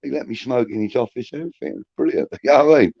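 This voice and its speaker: A man's voice: mid-range voice, lively intonation, very fast, vocal fry, slightly rough, no room sound. A man, casually telling cheeky anecdotes on a podcast and often saying "you know what I mean". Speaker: podcast co-host. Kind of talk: casual storytelling chat. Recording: dull lo-fi sound.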